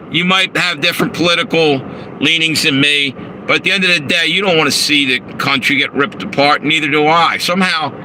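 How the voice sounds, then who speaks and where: A man's voice: on the high side, sharp tone. Man, rambling livestream talk, swearing, phone held in a parked car, engine and air conditioner humming behind him. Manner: rambling, profane, chuckling asides. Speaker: live streamer. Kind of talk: casual livestream talk, reading chat. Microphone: handheld phone. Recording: noisy phone audio in a car. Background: car engine and air conditioner hum.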